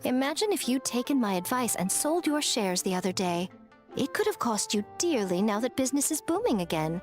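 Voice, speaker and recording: A sly priestess purrs out playful jabs in a slightly high, silky voice. She sounds amused and unhurried in this game dialogue. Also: sing-song, soft background music. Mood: teasing. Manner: teasing and playful. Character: sly, teasing shrine priestess woman. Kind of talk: game voice acting.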